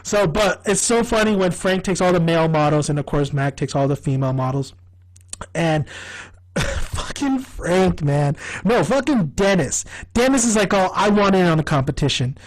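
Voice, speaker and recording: A man's voice: high-pitched, animated, moderate pace, low-quality recording. Dude rambling about his fave sitcom, cursing a lot, laughs all the time. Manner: rambling, profane and laughing often. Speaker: TV show reviewer. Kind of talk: casual review vlog.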